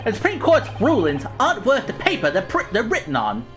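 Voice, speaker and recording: A woman's voice: on the high side, huge pitch swings, brisk, soft background music, pitched above the performer's own voice. A woman voicing an eager young male newsboy reporter with a slight put-on British accent, in chirpy, boastful patter.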